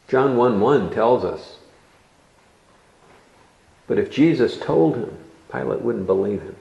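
A man preaching an expository sermon, teaching in a measured way and stressing key words. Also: medium pitch, animated, vocal fry, warm tone, echoey room, highs cut off.

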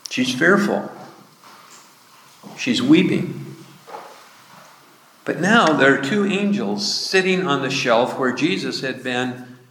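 Slow-speaking preacher in an echoey hall. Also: male voice, medium pitch, lively intonation, a bit bright, slight background noise. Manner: slow, measured retelling of scripture with quoted speech. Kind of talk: sermon. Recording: echoey hall with long reverb.

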